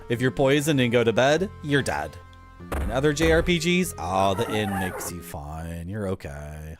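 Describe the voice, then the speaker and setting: A man's voice: on the high side, fairly bright tone. A man streaming a video game and chatting casually, with wry asides to his viewers. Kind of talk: casual gameplay commentary.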